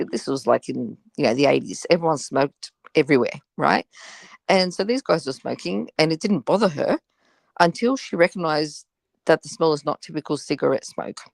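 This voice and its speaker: Woman with a low, gravelly voice. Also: darkish tone, dry recording. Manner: chatty, peppered with "you know". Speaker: panel guest. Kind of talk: casual storytelling on a live panel.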